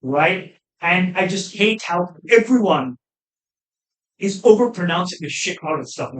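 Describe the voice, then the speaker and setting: A man's voice: sits high, expressive, measured pace, a bit bright. A man reviewing a trailer in rambling, opinionated commentary, often exasperated and full of asides. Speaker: film reviewer. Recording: echoey room.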